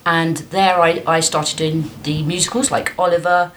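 A chatty woman from London talks animatedly as a podcast guest in a slightly low voice. A faint hiss of noise sits behind her. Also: moderate pace. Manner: chatty, animated, drifts off topic. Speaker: puppeteer and voice actor guest. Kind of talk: casual podcast interview chat.

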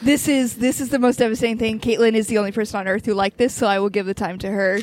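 A woman's voice: fairly high pitch, little pitch movement, a little mellow. A woman in casual podcast chat, telling stories in a teasing way. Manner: fast, storytelling, teasing.

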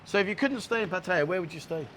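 London man, cheeky interviewer, slightly high voice, teasing banter, faint bar noise. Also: lively intonation, quick pace, fairly bright tone. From London, England. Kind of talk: casual chatty interview.

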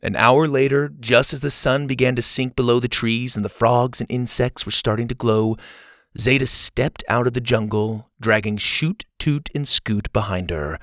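A man narrating a children's storybook in a lively, expressive way. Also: medium pitch, moderate pace, dry recording, studio quality. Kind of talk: storybook read-aloud narration.

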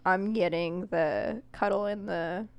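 A woman's voice: fairly low pitch, steady tone, slow pace, gravelly, a little mellow, smooth, no room sound. A young woman co-hosting a podcast, chatting casually with a friend in a giggly, self-deprecating way. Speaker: podcast co-host. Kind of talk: casual chat.

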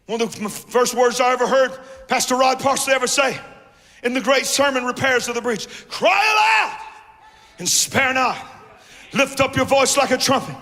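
A man preaching a fiery sermon as a guest preacher, shouting with call-and-response to the congregation. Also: very high-pitched. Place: large church hall. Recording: long church reverb with music.

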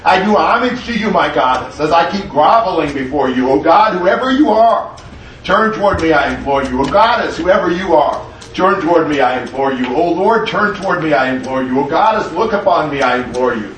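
A man's voice: a little high, lively intonation, a little fast, a bit bright, slight background noise. A man leading a Bible class, teaching earnestly and reading an ancient prayer solemnly aloud. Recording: echoey room, mic far off.

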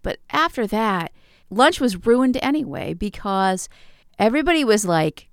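A woman with a fairly low, smooth, resonant voice recounts her own mishaps in a calm, wry way. The sound is dry and close, with no room around it. She drops in small self-deprecating laughs. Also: no echo. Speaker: podcast host. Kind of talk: casual personal storytelling.

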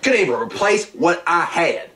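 A man's voice: on the high side, moderate pace, a crowd in the background. A young man telling profane, jokey stories in casual group banter as a podcast host. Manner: animated, profane, jokey storytelling. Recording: distant mic with faint noise.

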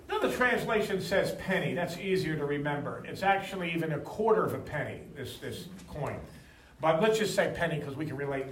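A man's voice: fairly high pitch, lively intonation, normal speed, fairly bright tone, a little hiss or hum. A man preaching a sermon to a congregation, reading verses and leading call-and-response. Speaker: pastor. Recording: echoey hall from far off.

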